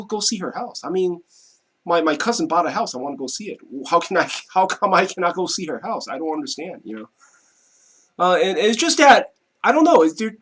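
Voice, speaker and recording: A man's voice: fairly high pitch, fairly bright tone. A man talking casually at his desk, rambling and repeating himself with lots of "you know" and "right". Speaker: vlogger. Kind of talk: casual monologue to camera. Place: home, seated at his desk.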